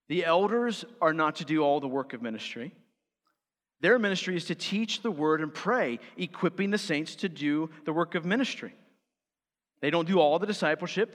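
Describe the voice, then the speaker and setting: Pastor, male, fairly high voice, emphatic sermon delivery, reverberant church hall. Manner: emphatic, rising to forceful stresses. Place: church sanctuary.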